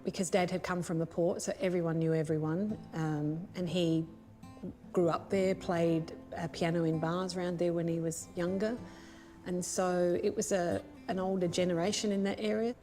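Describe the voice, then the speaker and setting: A woman speaking in a measured, reflective way in an interview. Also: lowish voice, flat delivery, dark tone, soft background music.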